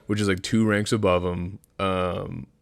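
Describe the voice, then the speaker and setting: A man's voice: low-pitched, a little slow, gravelly, clean tone, no echo. A young man, a podcast co-host, telling a story in casual chat, swearing a lot and acting out what people said. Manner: profane, animated storyteller acting out quotes.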